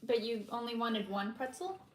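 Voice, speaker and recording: A woman's voice: on the high side, animated, normal speed. A woman co-hosting a casual livestream chat, teasing playfully. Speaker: co-host. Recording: echoey room with faint noise.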